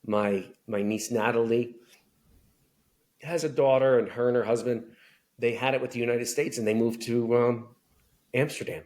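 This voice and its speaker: A middle-aged man telling candid family stories as a podcast guest, animated, acting out voices of relatives. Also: mid-range voice, normal speed, pauses often. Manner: animated storyteller, acts out family members' voices. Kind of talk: candid storytelling conversation.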